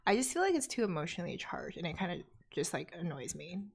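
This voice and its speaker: A woman's voice: fairly low pitch, very animated, quick pace, husky. A young woman with a North American accent, hosting a live study stream and chatting casually while she reads viewer comments, laughing often. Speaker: study stream host reading chat.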